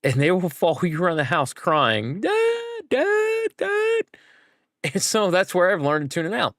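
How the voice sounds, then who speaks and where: Young male streamer, chatty and animated, dry close mic. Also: a little high, brisk, no echo. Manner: chatty, animated, acts out voices in anecdotes. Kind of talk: casual livestream storytelling.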